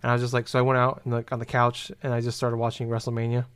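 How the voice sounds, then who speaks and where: A man's voice: mid-range voice, monotone, very fast, a bit bright, clean tone. A young man in casual chat, telling a rambling story that is full of "like" and swearing. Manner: rambling, heavy use of "like", swears freely.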